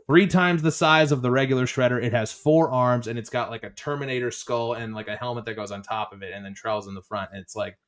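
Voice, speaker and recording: A man's voice: medium pitch, steady tone, fast talker, hardly any pauses, a bit bright. A man talking casually and eagerly about collectible toys as a guest. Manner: chatty, enthusiastic about toys. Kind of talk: casual chat.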